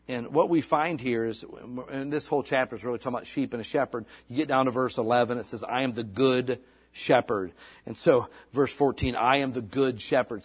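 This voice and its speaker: A middle-aged man preaching a sermon as a pastor. He talks in a casual, conversational way and reads scripture slowly and deliberately. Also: medium pitch, slightly rough. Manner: casual, conversational preaching with frequent "like" and "you know"; reads scripture in slow, deliberate King James cadence.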